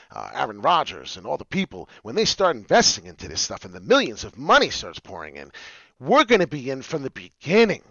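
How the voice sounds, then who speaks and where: A man hosting a crypto show, excitable and rambling, jumping from loud hype to low mutters with many fillers. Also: no room sound, dull audio. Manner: hyped and loud, swings between shouting and muttering. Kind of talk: excited solo crypto talk.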